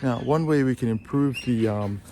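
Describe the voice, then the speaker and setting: A man teaching English pronunciation in a video lesson, patiently repeating example phrases slowly. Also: medium pitch, dark tone. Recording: faint background noise with birdsong.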